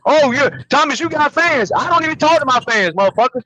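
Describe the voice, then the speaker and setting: A man's voice: very high voice, lively intonation, pushed and bright, a little hiss or hum, low-quality recording. A man co-hosting a basketball podcast, ranting angrily with constant profanity. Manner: angry, profane, fast ranting. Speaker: podcast co-host. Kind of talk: heated podcast rant.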